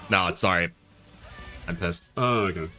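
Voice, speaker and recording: A young man streams live while playing a driving game, his low-pitched voice pushed and bright. He rambles, restarts sentences, and swears and laughs often.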